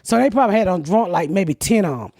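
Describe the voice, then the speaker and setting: A woman in her fifties, a podcast host, telling profane stories with loud laughter. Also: fairly low pitch, animated, quick pace, dry recording, clean studio sound. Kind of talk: casual storytelling chat.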